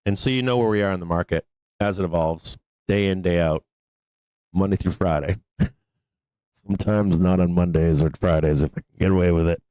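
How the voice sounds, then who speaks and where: A man with a low, brisk, mellow voice hosts a live stock trading stream, and the recording is clean with no room sound. He talks casually and profanely, laughs often, and answers imagined viewer questions himself as he delivers live market commentary.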